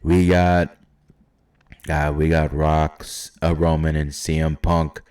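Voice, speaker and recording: In a slow, flat delivery, a man with a clear, resonant bass voice and a darkish tone rambles solo through his wrestling predictions. He hesitates often, fills gaps with fillers, and now and then quotes imagined fans and wrestlers.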